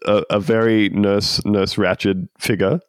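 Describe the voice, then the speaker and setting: A man's voice: lowish voice, fairly even intonation, slow pace, clear, resonant tone, dry recording, clean studio sound. A man hosting a podcast, recounting a story in wry casual chat and laughing often. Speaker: podcast host.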